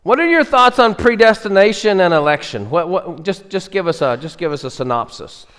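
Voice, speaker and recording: A man's voice: high voice, animated, fairly quick, a bit bright, clear, resonant tone, voice pushed up. A man voicing a puzzled angel who quizzes insistently. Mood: quizzing. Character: puzzled, probing male angel questioner. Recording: echoey hall reverb.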